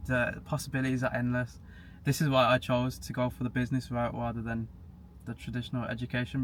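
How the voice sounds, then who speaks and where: Flat-voiced young man, casual chat. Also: medium pitch. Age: young adult. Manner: flat, matter-of-fact, laughs at himself. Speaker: guest. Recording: faint background hiss.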